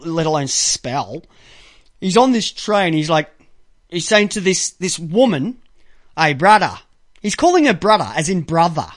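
A high-pitched Australian man runs a casual talk show. He tells crude, rambling stories and often bursts out loudly. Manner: crude, rambling anecdotes with loud outbursts. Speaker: podcast host. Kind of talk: casual call-in show chat.

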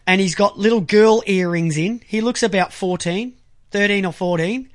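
A man ranting crudely to camera, halting when he reads aloud. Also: sits high. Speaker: vlogger. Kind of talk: angry profane monologue to camera.

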